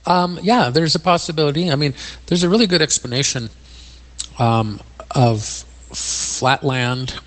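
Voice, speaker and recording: A man's voice: fairly high pitch, a little slow, in a large hall, low-quality recording. A man guesting on a radio show as a skeptic, explaining things in a dry, matter-of-fact way. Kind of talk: casual studio chat. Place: radio studio.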